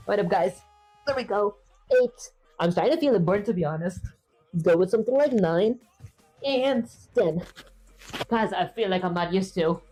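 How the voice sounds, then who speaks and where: A woman's voice: medium pitch, darkish tone, low-quality recording. A woman live streaming about programming, chatting casually and rambling with lots of fillers, tired and a bit out of breath. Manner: rambling, many "like" fillers and restarts.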